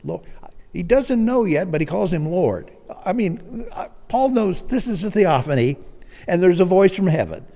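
A man's voice: high voice, sing-song, moderate pace, warm tone, long reverb tail. A man preaching a sermon, explaining scripture verse by verse and acting out the quoted voices with rising emphasis.

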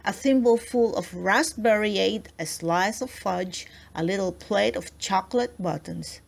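A woman reading a children's storybook aloud, with gentle storytelling and voices for the characters. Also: medium pitch, unhurried, creaky. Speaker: children's book reader.

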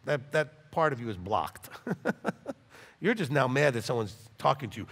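At normal speed, a rabbi leads a live Torah class in a hall, his male voice echoing with long reverb. He dramatizes dialogues animatedly, swinging widely in pitch and volume.

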